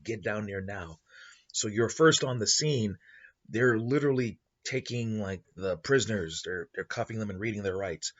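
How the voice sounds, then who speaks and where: Husky low-voiced male storyteller. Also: a bit bright, lo-fi sound. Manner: rambling, many fillers and restarts. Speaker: host. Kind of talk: improvised storytelling.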